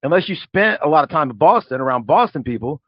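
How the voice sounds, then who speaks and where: A man's voice: fairly high pitch, very animated, fast talker, no echo. A male co-host from the US Midwest with a Midwestern accent, chatty and jokey in a casual discussion of a show. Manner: chatty, jokey, asks guests questions. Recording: dry, slightly lo-fi sound.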